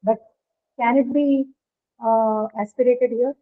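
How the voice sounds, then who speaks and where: A woman's voice: a little high, steady tone, takes it slowly. A woman teaching phonetics in an online class, explaining step by step and quizzing her students. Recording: tinny phone-like call audio.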